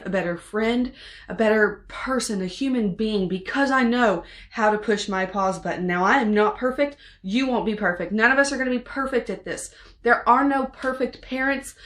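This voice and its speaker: A middle-aged woman coaching parents in an encouraging talk, lively and animated, acting out little outbursts in quotes. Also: mid-range voice.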